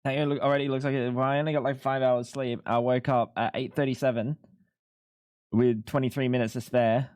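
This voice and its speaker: Young male streamer, casual and sweary, dry close headset sound, mid-pitched. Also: level tone, brisk, a little mellow, clean tone, no room sound. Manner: swears freely, rambling and laid-back. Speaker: live streamer. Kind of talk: casual live-stream chat.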